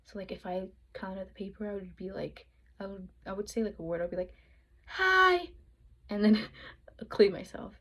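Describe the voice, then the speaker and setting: A woman's voice: medium pitch, fairly even intonation, brisk, dark tone, poor audio. A young woman vlogger telling a personal story in a casual, rambling way, with many fillers and acted-out quotes of her own past thoughts. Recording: noticeable background noise.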